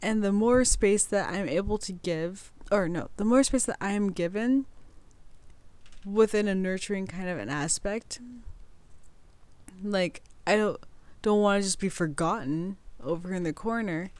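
A woman's voice: medium pitch, unhurried, a little mellow, dry recording. A young woman hosting a casual astrology podcast, reading text aloud, tripping over words and swearing casually. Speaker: podcast host.

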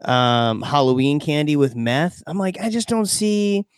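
A man's voice: on the high side, expressive, a little slow, clear, resonant tone, dry recording, clean studio sound. A man co-hosting a casual podcast, chiming in with jokes, swearing and laughter. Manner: joking, laughing interjections. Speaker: podcast co-host. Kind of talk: casual chat.

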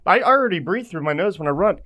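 Profane nasal-voiced podcast host. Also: male voice, sits high, quick pace. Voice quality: nasal, whiny voice. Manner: profane, animated storytelling. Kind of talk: casual chat.

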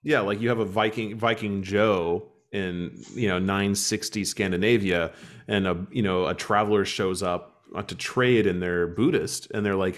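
A man hosting a casual podcast, chatting conversationally and telling animated stories. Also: low voice, moderate pace. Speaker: podcast host.

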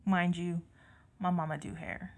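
A woman from California co-hosting a podcast in casual chat, with a Southern country twang that slips into her speech; lively, profane and quick to laugh. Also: lowish voice, vocal fry. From San Jose, California. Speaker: podcast co-host.

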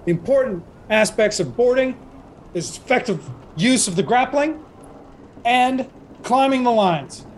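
A woman's voice: on the high side, animated, measured pace, slight background noise, voice pushed up. A man voicing a hulking, bossy female orc master gunner who barks orders with contempt. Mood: commanding.

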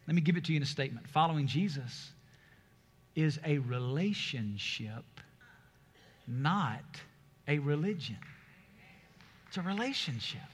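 A man's voice: fairly high pitch, breathy edge. A man preaching a sermon as pastor, with emphatic rises and strong stresses on key words. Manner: preaching with emphatic, rising delivery. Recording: long hall reverb.

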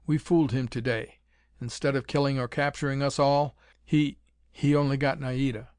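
A man reading an audiobook, voicing a bold young male adventurer in a firm, steady way close to his own voice. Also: mid-range voice, moderate pace, dry recording, natural voice.

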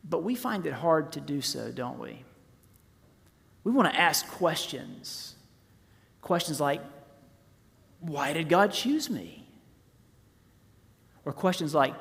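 A man in his forties preaching a sermon, rising to loud emphasis and dropping to hushed, near-whispered softness. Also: fairly high pitch, big pitch swings, measured pace, gravelly, pauses often. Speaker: pastor. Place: church sanctuary. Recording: long reverb of a large hall.

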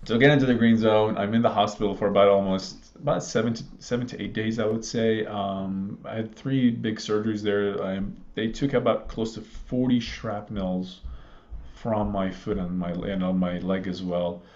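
A man in his thirties from Iraq, a guest calmly telling a personal story in a halting way, with many fillers, on a slightly muffled recording. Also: lowish voice. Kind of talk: conversational storytelling. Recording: slightly dull, muffled audio.

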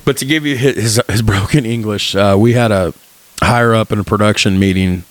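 A man in his thirties with a lowish voice, chatting casually as a podcast co-host. He jokes and rambles, and he imitates the people in his stories. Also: fairly quick, dry recording. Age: 30s.

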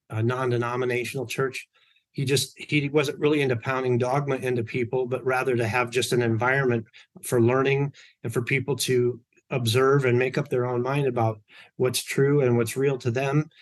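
A man being interviewed, telling personal stories in a chatty way, often correcting himself mid-sentence. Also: mid-range voice. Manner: chatty, anecdotal, with self-corrections. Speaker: podcast guest. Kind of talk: storytelling in an interview.

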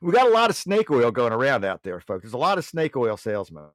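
Blunt man hosting a talk show, lively pitch. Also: quick pace, dry recording, studio quality. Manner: blunt, mocking, keeps addressing listeners as folks. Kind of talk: political talk show monologue.

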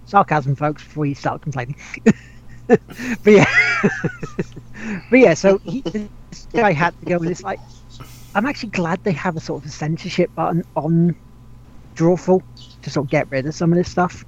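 A man chats loosely as a podcast host, tripping over restarts, laughing and dropping casual swears. His voice sits a little high for a man. The audio is dull and lo-fi. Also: moderate pace, pauses often. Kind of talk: casual gaming chat.

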